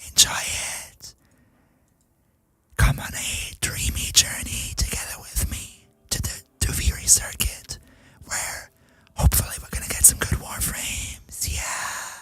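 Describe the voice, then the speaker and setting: A man putting on a breathy ASMR whisper for a whispered role-play, hushing an excited esports commentary as a game streamer. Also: measured pace, close to an everyday voice. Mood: hushed hype. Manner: hushed, playful hype.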